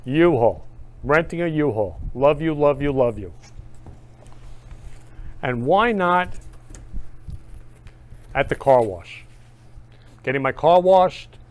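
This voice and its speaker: A man hosting his own show, talking in an eager, gushing monologue that swings up loud on key phrases. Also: medium pitch. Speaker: host. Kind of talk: enthusiastic casual monologue.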